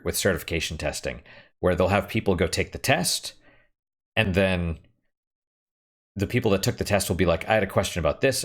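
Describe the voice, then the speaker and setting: A man's voice: deep voice, fairly bright tone. A young man chatting casually and frankly while playing a game, rambling and swearing now and then. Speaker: gaming streamer.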